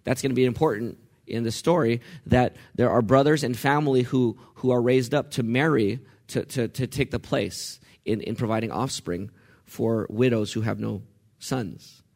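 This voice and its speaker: A man teaching a Bible passage in an expository sermon, animated and full of rhetorical questions, swinging between loud and hushed. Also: mid-range voice, moderate pace, creaky.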